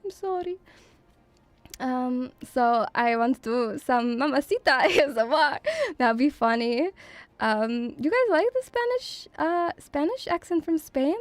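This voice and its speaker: A woman's voice: high voice, no echo. A woman streaming as a VTuber, chatting casually and reading viewer messages in a flirty, teasing, giggly way.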